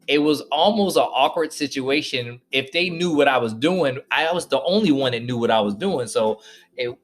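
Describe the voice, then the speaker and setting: A man's voice: mid-range voice, fairly bright tone. A man hosting a podcast, telling a personal story to listeners and acting out the voices of people in it. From northern United States. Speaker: podcast host.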